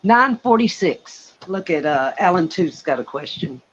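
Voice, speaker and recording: A woman's voice: lowish voice, lively intonation, measured pace. A woman co-hosting a livestream who chats in a folksy way and reads out viewer questions. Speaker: co-host. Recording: muffled with faint background noise.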